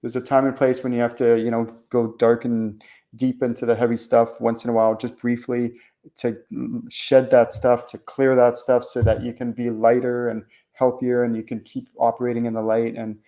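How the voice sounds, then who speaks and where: A man hosting a spiritual show, talking casually in a rambling, animated way with many fillers and restarts. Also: mid-range voice, normal speed. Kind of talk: casual teaching monologue.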